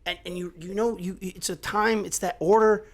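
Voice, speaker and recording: A middle-aged man in casual podcast chat, talking emphatically with lots of swearing and animated storytelling. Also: high voice, normal speed.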